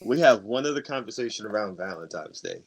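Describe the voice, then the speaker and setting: A man co-hosting a casual podcast, telling a story with a lively voice that rises and falls widely. He acts out the people in his story and laughs often. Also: on the low side, fast talker. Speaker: podcast co-host.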